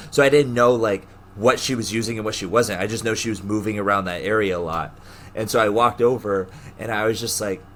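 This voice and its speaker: A young man co-hosting a podcast, telling stories in casual chat, animated, laughing often and acting out the people he quotes. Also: on the low side, a little hiss or hum. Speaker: podcast co-host.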